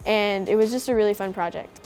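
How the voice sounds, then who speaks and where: A woman's voice: medium pitch, brisk, a little mellow. Teen female student, bubbly interview bite, faint music under. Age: teenager. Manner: bubbly, with many likes. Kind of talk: interview soundbite.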